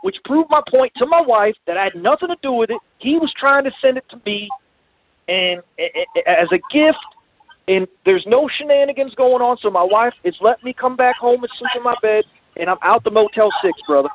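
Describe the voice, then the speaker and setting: Very high-voiced rambling male caller. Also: lively intonation, fairly quick, dry recording. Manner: rambling, calls everyone brother. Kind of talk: phone-in comedy chat. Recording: dry tinny phone line.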